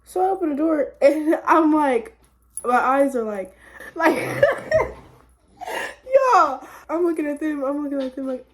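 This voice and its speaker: A young woman vlogger telling a story in a casual, rambling, excitable way, full of filler words. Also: high-pitched, normal speed.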